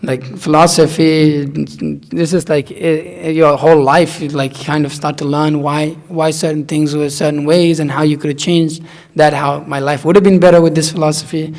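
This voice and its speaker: Young man, fairly high voice, casual chat, lively storytelling, mimics friends. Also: normal speed, vocal fry, hardly any pauses. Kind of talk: casual conversation.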